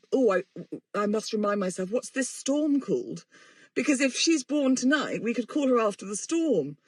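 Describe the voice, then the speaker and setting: A woman's voice: medium pitch, dry recording. A woman, hosting a podcast in a rambling, self-mocking and sweary casual chat. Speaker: podcast host. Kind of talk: casual chatty monologue.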